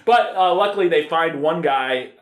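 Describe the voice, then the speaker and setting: A man hosting a podcast, chatting casually about a movie in an animated, laughing way. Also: fairly high pitch, moderate pace. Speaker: podcast host. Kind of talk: casual movie-review chat. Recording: echoey backup room recording.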